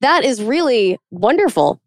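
A woman's voice: fairly high pitch, sing-song, measured pace, dry recording, clean studio sound. A woman interviewer asking a meditation teacher for a beginner exercise and responding appreciatively.

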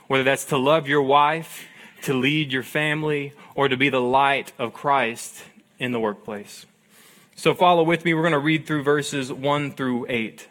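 A man's voice: medium pitch, steady tone, measured pace, fairly bright tone. A young man preaching a sermon, opening with a humorous personal story in a conversational, self-deprecating way before reading scripture. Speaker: pastor.

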